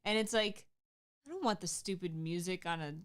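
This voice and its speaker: Chatty woman with a lowish voice. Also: lively intonation, normal speed, clear, resonant tone. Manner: chatty and candid, laughing lightly as she talks. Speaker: livestream co-host. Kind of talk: casual chat on a livestream.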